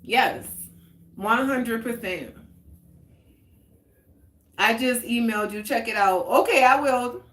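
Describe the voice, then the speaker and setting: Slow-talking woman in a roomy echo. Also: fairly high pitch, lively intonation, fairly bright tone. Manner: chatty and candid, answers viewer comments aloud, laughs often. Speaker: host of a live talk stream. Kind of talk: casual heart-to-heart chat. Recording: roomy echoey sound.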